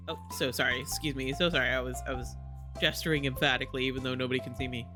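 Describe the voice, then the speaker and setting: Bright-voiced playful male streamer. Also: medium pitch, fairly even intonation, quick pace, faint music behind. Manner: chatty, playful, gushing asides. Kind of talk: casual gameplay commentary.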